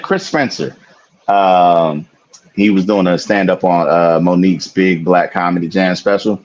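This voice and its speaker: A man's voice: low-pitched, muffled recording. A man co-hosting a podcast, telling a story in casual chat, laughing often and swearing freely. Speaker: podcast co-host.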